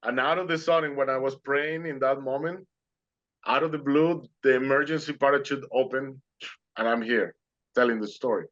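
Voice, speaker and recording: A man's voice: medium pitch, steady tone, normal speed, a bit bright, muffled recording. A man speaking as an interview guest, telling his story earnestly and animatedly in non-native English phrasing over a video call.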